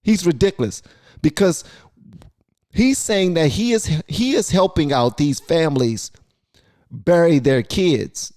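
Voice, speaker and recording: A man's voice: a little high, measured pace, long pauses. Incredulous man reacting to a clip. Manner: incredulous, animated. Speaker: reaction video host. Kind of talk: casual reaction commentary.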